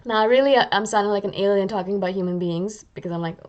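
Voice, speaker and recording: Hosting her own YouTube channel, a woman talks to the camera at a quick clip and medium pitch, casual and self-mocking, slipping in little acted-out quoted asides.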